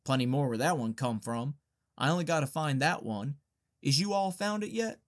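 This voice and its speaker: A man's voice: fairly high pitch, lively intonation, moderate pace, lightly acted. A man voicing Luster, a restless, bossy Southern teenage boy with a drawling, scolding way of talking, in an audiobook reading.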